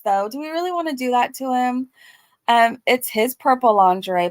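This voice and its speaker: A woman's voice: a little high, normal speed, no echo. A woman giving a blunt, casual commentary recap who swears freely. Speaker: YouTube commentator.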